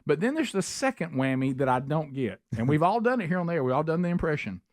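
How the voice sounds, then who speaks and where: A man's voice: fairly high pitch, big pitch swings, quick pace, dry recording, clean studio sound. A man hosting a radio talk show, chatting in an emphatic, rambling way. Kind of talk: casual talk-radio chat.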